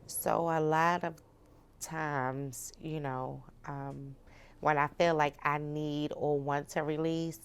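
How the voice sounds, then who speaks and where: A young woman talking candidly as a guest in a low, soft-spoken voice. Her delivery is casual and sprinkled with fillers. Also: steady tone, slow pace, smooth. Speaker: interview guest. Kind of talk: candid personal conversation.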